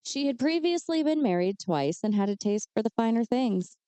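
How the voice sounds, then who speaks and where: A woman's voice: a little high, lively intonation, normal speed, mellow, smooth, no room sound. A woman co-hosting a podcast, telling true crime cases in a casual way with chatty asides. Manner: reads case details with chatty asides and fillers. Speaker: podcast co-host.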